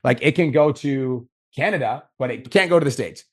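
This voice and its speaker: A man hosting a podcast, telling stories in casual chat and swearing freely. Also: mid-range voice. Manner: profane, fast storytelling. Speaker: podcast host.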